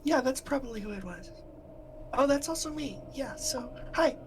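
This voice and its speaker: A woman's voice: high-pitched, animated, normal speed, a little hiss or hum. A woman voicing a small skull wreathed in pink flames, chatty and offhand in a tabletop role-play. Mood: breezy.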